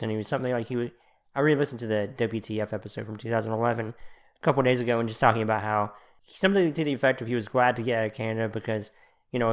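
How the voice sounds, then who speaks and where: Relaxed male podcast host. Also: on the low side. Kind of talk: casual podcast chat.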